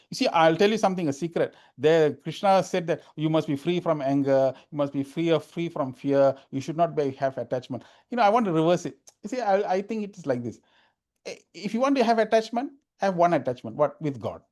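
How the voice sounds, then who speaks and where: A man's voice: a little high, expressive, fairly quick, darkish tone. A man giving an informal spiritual talk, repeating phrases for emphasis. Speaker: spiritual speaker.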